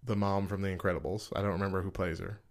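A man's voice: sits low, flat delivery, racing. A man co-hosting a casual podcast chat, reading list items and quotes aloud and laughing often. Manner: chatty, laughs often, reads quotes with lifted energy. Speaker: podcast co-host.

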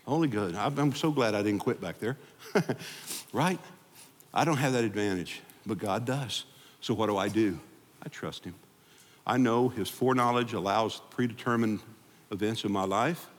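Pastor preaching in a reverberant sanctuary. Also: male voice, on the low side, animated, moderate pace. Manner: freewheeling, conversational preaching that drops to a hushed prayer. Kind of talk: sermon and closing prayer. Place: church sanctuary before a congregation. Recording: long hall reverb in a church sanctuary.

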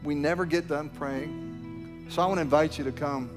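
A man's voice: fairly high pitch, fairly even intonation, moderate pace. A man preaching as pastor, earnest and repeating his phrases, rising into fervent appeals as he invites people to pray. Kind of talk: sermon with altar call. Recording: long reverb with faint music.

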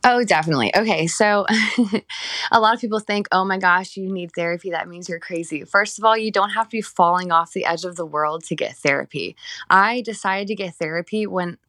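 A woman's voice: lowish voice, fairly quick, no room sound. A young woman from South Carolina, a pole sports athlete and coach, telling candid stories in a casual interview. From South Carolina, United States. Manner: candid, animated storytelling with quoted voices.

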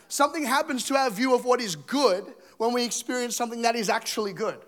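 A man from England in his thirties preaches from a church stage. His voice sits high, and he tells his story with animated humor, acting out each scene. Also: a little fast.

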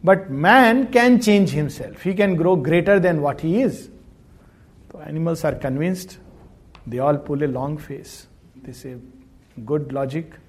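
A man's voice: on the high side, expressive, measured pace. A man giving a spiritual discourse, acting as a storytelling teacher who often chuckles as he animates the tales.

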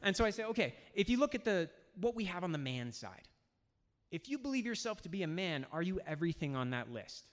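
A man, a high school teacher, telling a humorous personal story on stage and acting out the dialogue. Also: very animated, a little fast. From United States. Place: event stage in a hall. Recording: hall reverb.

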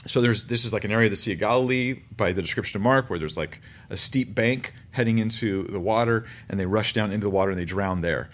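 A man preaching a sermon in a conversational teaching style, with animated asides. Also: on the low side, fast talker, few pauses. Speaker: pastor.

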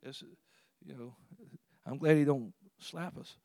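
A man preaching a sermon in a conversational, earnest way, with frequent restarts and sudden rises in pitch and volume. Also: measured pace, gravelly, darkish tone, dry recording, studio quality. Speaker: pastor.

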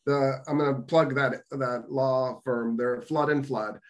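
A man's voice: mid-range voice, fairly even intonation, measured pace. Profane, sarcastic man telling a story. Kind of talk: casual storytelling chat.

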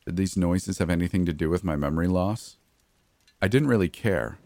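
Low gravel-free deep guy telling a creepy story, blunt and salty, dry close sound. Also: brisk, darkish tone, dry recording. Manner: gritty, blunt, with frequent mild cursing. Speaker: narrator. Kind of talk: first-person horror story narration.

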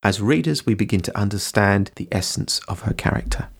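A man hosting a writing podcast, explaining character in measured, scripted teaching narration. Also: fairly low pitch, animated, gravelly, husky. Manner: measured, explanatory, quotes from books.

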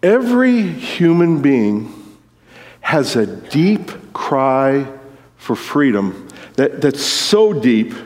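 A man preaching a sermon in a storytelling way, sometimes acting out movie lines with sudden shouts. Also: mid-range voice. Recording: long hall reverb.

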